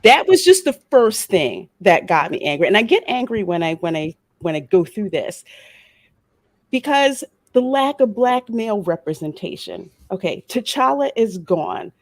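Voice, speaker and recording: A woman's voice: medium pitch, sing-song, normal speed, dry recording. A woman panelist with a Louisiana Creole accent in a heated discussion, speaking emphatically and sarcastically with building indignation.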